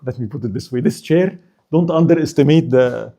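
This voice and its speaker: A man giving a storytelling history lecture at a mosque, asking animated rhetorical questions and acting out the people in the story. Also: mid-range voice, brisk, creaky.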